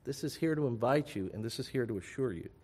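A man preaching a sermon as pastor, rising to loud urgent appeals and dropping to soft, hushed reassurance. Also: mid-range voice, animated, fast talker, husky, big-room sound.

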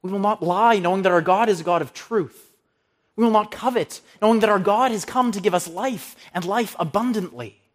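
A man's voice: sits high, brisk. A man preaching an earnest sermon from the pulpit, quoting scripture and naming the references.

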